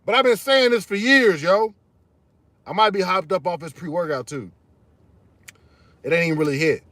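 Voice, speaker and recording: A man's voice: high-pitched, moderate pace, sharp tone, no echo. A man hosting his own live stream, talking casually and emphatically to his viewers, calling them y'all and repeating his points. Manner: fired-up, emphatic, repeats key phrases, addresses viewers as y'all. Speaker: channel host streaming live.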